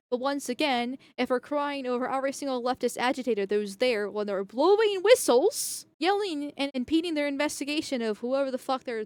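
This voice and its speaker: A blunt woman streamer narrates and reacts in a casual, swearing, sarcastic way. Her voice sits a little high, and the recording is close and dry. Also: no echo. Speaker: streamer commentator.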